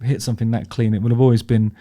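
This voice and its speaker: A man's voice: mid-range voice, little pitch movement, rapid-fire, dark tone. Chatty man swearing through a reaction. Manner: chatty, swears freely, frequent restarts, laughs along. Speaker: music commentator reacting to concert footage. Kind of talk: casual reaction commentary.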